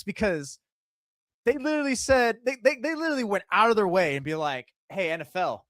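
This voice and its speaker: A man co-hosting a casual sports podcast, talking quickly and laughing often as he acts out quotes. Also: fairly high pitch, a bit bright, no room sound, clean studio sound. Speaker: podcast co-host.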